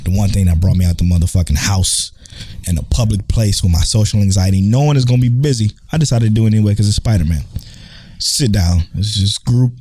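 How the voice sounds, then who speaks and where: A man co-hosting a podcast in relaxed chat, telling stories with plenty of swearing. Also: fairly low pitch, fast, husky. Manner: laid-back storytelling, swears freely. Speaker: podcast co-host. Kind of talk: casual chat.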